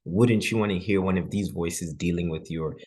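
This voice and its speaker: A man's voice: deep voice, moderate pace, a little mellow. A man hosting a webinar, talking casually and hesitantly, often repeating words. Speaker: webinar host.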